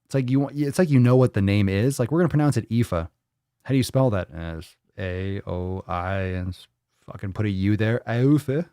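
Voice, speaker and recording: A man's voice: medium pitch, fast talker, dark tone, no echo, studio quality. A man hosting a fitness live stream in casual chat, rambling and joking, with a lot of swearing. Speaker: fitness livestream host.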